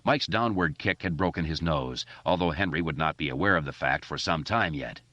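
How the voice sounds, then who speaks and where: Deep-voiced man reading an audiobook. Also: fairly quick, dry recording. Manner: expressive, steady reading. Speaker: audiobook narrator. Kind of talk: scripted narration. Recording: dry, dull lo-fi recording.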